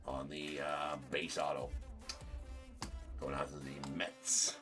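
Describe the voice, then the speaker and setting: Very deep-voiced chatty man hosting a card break. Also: steady tone, slow pace, pauses often, fairly bright tone, faint music behind. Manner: chatty, rattles off team and name lists, jokes with viewers. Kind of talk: live-streamed card break commentary.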